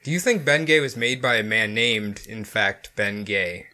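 A man's voice: lowish voice, normal speed, bright, forceful tone. A young man co-hosting a casual comedy podcast, joking crudely and laughing often. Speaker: podcast co-host.

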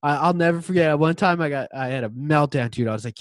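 A young man in relaxed podcast conversation, his voice a touch high and dry. He tells stories loosely, with slang and swearing. There is little room sound. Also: fast talker, hardly any pauses, no echo. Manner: laid-back storytelling, heavy slang and cursing. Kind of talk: casual chat.

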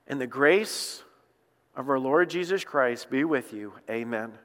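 Impassioned pastor in an echoing hall. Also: male voice, medium pitch, animated, a little slow, fairly bright tone. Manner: impassioned, emphatic, repeats words. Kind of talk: sermon. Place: church. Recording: long hall reverb.

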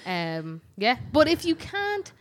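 A woman's voice: high voice, very animated, takes it slowly. Irish woman co-host, young, casual chatty, swears a lot. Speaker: podcast co-host. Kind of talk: casual chat.

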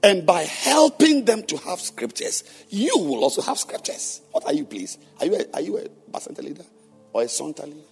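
A man preaching to church leaders, questioning members of the congregation and then shouting his points. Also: high-pitched, wildly swooping pitch, a little fast, gravelly, husky, faint music behind. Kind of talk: sermon. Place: church hall.

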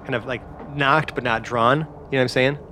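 A man running a tabletop game, describing the scene in a loose, filler-heavy way. His pitch is ordinary, and a light hiss of noise sits under the voice. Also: steady tone, fairly quick, pushed and bright. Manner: rambling, many fillers. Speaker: game master.

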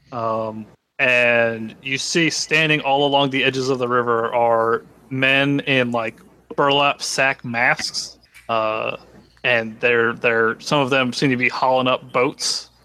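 Man, game master, tabletop narration, bright voice, mid pitch, relaxed, fillers.

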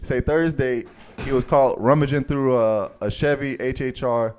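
A man co-hosting a podcast, reading news stories aloud haltingly with restarts in casual chat. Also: mid-range voice, steady tone, darkish tone, smooth.

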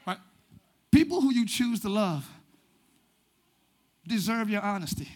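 A male pastor preaching a sermon in church, animated and often shouting, acting out little quoted voices along the way. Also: high-pitched, a little slow, pauses often. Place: church sanctuary.

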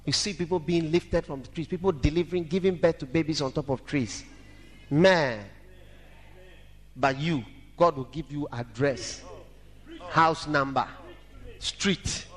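High-voiced dramatic preacher in echoing hall. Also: male voice, measured pace, pauses often. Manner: dramatic, shouting and singing, wide swings in pitch. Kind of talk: sermon. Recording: echoey hall reverb.

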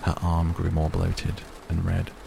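A man with a very low, gravelly voice narrates an audiobook in a steady, even reading. There is clear noise in the recording. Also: measured pace. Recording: noisy recording.

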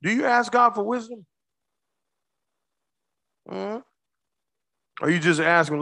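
A man preaching a sermon as pastor, quizzing his congregation with quick questions and slowing down hard to stress key words. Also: sits high, animated, vocal fry, sharp tone, dry recording. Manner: call-and-response questions to the congregation.

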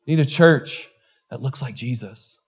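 A man preaching a sermon as pastor, animated, swinging between loud exclamations and quieter asides. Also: medium pitch, moderate pace, husky, dull audio.

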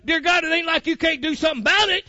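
A man's voice: very high-pitched, racing, bright, forceful tone, dry recording. Man, fiery sermon, colloquial, dry lo-fi sound. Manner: fiery and colloquial, calls out to the congregation. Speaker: preacher. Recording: muffled lo-fi recording.

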